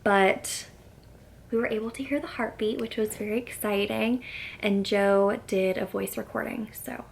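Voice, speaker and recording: A young woman vlogger tells a personal story to camera in a chatty, casual way, saying "like" constantly and quoting herself in soft whispers. Her voice is medium-pitched and steady with vocal fry, her pace measured, and the background noisy.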